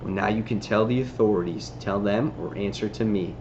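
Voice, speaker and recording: A man voicing a cold, self-righteous vigilante superhero in a low, quiet, menacing delivery. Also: brisk, highs cut off, slight background noise, lightly acted.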